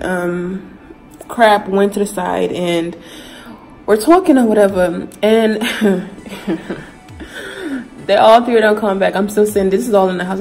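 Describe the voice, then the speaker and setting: A woman's voice: mid-range voice, rough recording. A young woman from Ghana, chatting animatedly through a casual storytime vlog. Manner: chatty, animated retelling full of "like" and slang. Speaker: vlogger.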